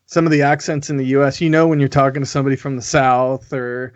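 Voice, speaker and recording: An American man hosting a podcast in casual chat, chatty and quick to laugh, with many restarts. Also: medium pitch, level tone, no room sound, muffled recording. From United States. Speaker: podcast host.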